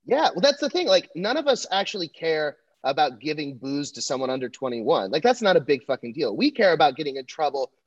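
A man's voice: on the high side, fairly quick, few pauses, no echo. Man with a raised, dull dry voice. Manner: profane, animated storytelling with mock quotes. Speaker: comedian podcast co-host. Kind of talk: casual chat.

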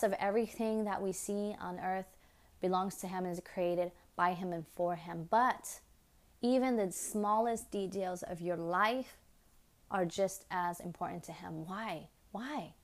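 A woman's voice: fairly low pitch, a little slow. A woman hosting a devotional podcast, talking earnestly and preaching, repeating phrases for emphasis. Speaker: podcast host.

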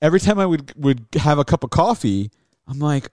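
A man's voice: on the high side, lively intonation, fairly quick, a little mellow, no room sound, studio quality. A man co-hosting a radio show, telling a rambling self-mocking story in casual banter. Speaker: radio co-host.

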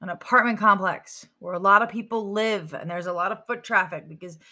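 A woman giving an emotional personal account to an interviewer, halting, with many fillers and restarts. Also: mid-range voice, bright, forceful tone. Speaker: interviewee, sister of a murder victim.

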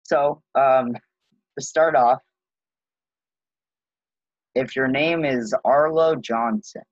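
A man's voice: mid-range voice, drawn-out words. Young man co-hosting a podcast, hesitant. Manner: hesitant, with many fillers. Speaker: podcast co-host. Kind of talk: casual chat. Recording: dull lo-fi recording.

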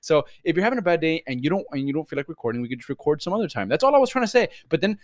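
Animated, swearing man co-hosting a podcast. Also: a little high, racing, no echo, clean studio sound. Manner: animated, swears a lot, breaks into impressions. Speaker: podcast co-host. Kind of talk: casual chat.

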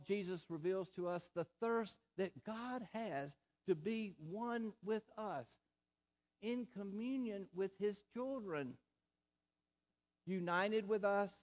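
A pastor delivering a sermon in a slow, deliberate way, with emphatic repetition. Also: male voice, sits high.

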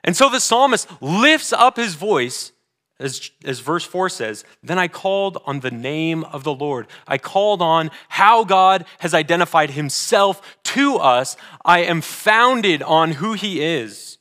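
A pastor delivers a sermon in a bright, somewhat high voice. He is earnest, swinging from forceful declarations to hushed, deliberate readings of scripture. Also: expressive. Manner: reads scripture slowly and deliberately.

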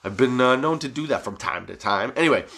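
A man hosting his own podcast, rambling in a casual, profane, self-mocking way after staying up all night high. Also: lively intonation, quick pace, vocal fry, sharp tone. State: sleepless and high. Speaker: podcast host.

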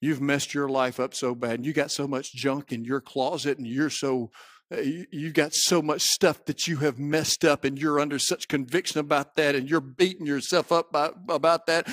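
A man's voice: a little high, steady tone, moderate pace, no echo, clean studio sound. Southern man preaching with dramatic swings. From Southern United States. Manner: dramatic, swings from quiet storytelling to shouting. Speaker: pastor. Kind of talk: sermon.

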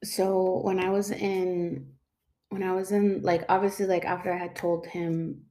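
A woman's voice: on the low side, flat delivery, unhurried, warm tone. A young woman telling a personal story in a loose, rambling way, full of fillers like "like" and "um" and casual swearing.

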